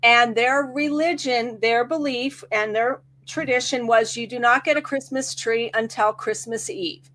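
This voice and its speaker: A woman's voice: on the high side, measured pace, few pauses, fairly bright tone. A middle-aged woman, a hypnotherapist guest, animatedly telling a client story and acting out the quoted voices. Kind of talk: storytelling in casual chat.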